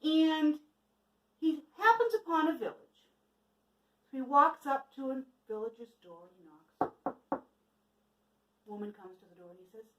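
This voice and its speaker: A woman's voice: high voice, normal speed, long pauses. A woman telling a folk tale casually to a church audience, asking listeners questions while she cooks along. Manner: lively, asks the listeners questions. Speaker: storyteller for a church children's message. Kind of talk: casual storytelling with a cooking demo. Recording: echoey room from a distance.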